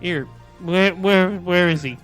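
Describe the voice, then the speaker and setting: A man at a tabletop game with a notably high voice. He stumbles and restarts his sentences, and clear music plays behind him. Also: slow, a bit bright. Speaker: player. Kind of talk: casual tabletop play.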